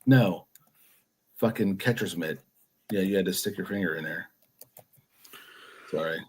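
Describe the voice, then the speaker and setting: A middle-aged man, a podcast co-host, telling a crude story in loud, joking casual banter and swearing a lot. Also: low voice, a little slow, slightly rough.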